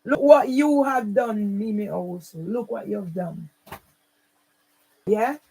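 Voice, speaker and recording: A woman's voice: mid-range voice, slow pace, gravelly, warm tone, breathy edge, poor audio. A woman, running her own channel, speaking straight to camera in an angry, accusing and repetitive way. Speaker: channel owner. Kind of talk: angry direct-to-camera rant.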